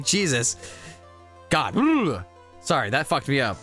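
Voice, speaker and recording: A man's voice: medium pitch, wildly swooping pitch, slow, pauses often, bright, forceful tone, faint music behind. Swearing, laughing male streamer. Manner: casual, swearing, laughing between lines. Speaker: streamer voice-acting a game. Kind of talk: live let's-play reaction.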